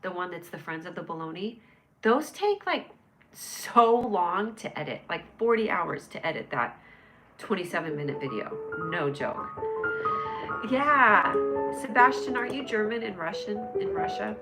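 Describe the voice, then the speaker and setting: Faint music sits behind a woman whose mid-range voice is animated and sharp, her pace measured. As a livestream host she chats casually in a bubbly, rambling way, reading viewers' comments aloud and addressing them by name.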